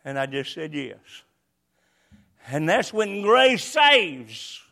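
An older man preaching a sermon, emphatic and repetitive, swinging between loud declarations and hushed lines. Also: on the high side, big pitch swings, takes it slowly, creaky.

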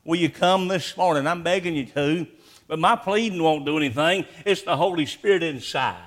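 Pastor, male, slightly high voice; impassioned altar-call sermon, pleading questions, big swings in volume. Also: normal speed. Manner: pleading, repeating urgent questions, swings from hushed to loud. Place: church sanctuary.

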